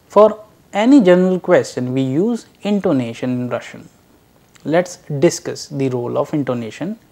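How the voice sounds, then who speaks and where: Man lecturing, gravelly voice, animated pitch, slow drilled example phrases. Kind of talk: recorded language lecture.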